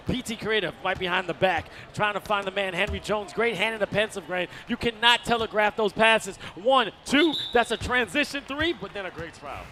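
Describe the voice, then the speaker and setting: A man giving live video game basketball commentary, excitable and full of colorful quips, often bursting into shouts. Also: high-pitched, slight background noise. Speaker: esports commentator.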